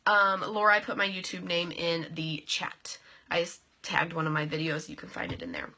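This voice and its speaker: A woman's voice: on the low side, moderate pace, sharp tone. A young woman, chatting on a casual live video and calling out viewers by name in a bubbly, goofy way. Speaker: vlogger and direct sales team leader.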